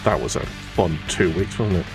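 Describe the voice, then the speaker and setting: Casting: man, low voice, dry and sweary, a bit off-mic over guitar music. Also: expressive, moderate pace, vocal fry, far from the mic. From United Kingdom. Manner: sweary, sarcastic, jokey. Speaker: guest painter. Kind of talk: casual stream chat.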